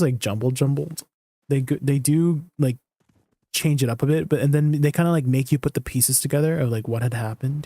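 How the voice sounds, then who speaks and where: A man's voice: fairly high pitch, warm tone, no echo. A man chatting casually to viewers while streaming a game, rambling with lots of fillers and restarts. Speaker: gaming streamer. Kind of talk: casual gameplay stream chat.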